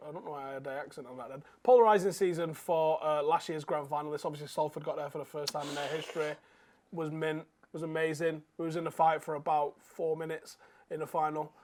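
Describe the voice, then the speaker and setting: A man with a voice pitched a little above the usual male range, co-hosting a casual sports podcast. His commentary is dry and exasperated, with an easygoing, matey delivery. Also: fairly even intonation, fast talker, a little mellow, slight background noise. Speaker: podcast co-host. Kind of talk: casual chat.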